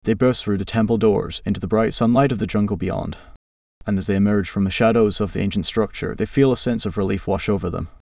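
A man reading a scripted adventure story in a steady, dramatic narration. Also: lowish voice, fast, gravelly, no room sound. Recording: distant dry mic.

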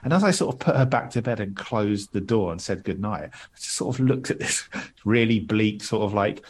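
Husky man telling a story. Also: lowish voice, expressive, normal speed. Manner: rambling, self-deprecating, acts out voices in anecdotes. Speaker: podcast host telling a story. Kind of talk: casual storytelling chat.

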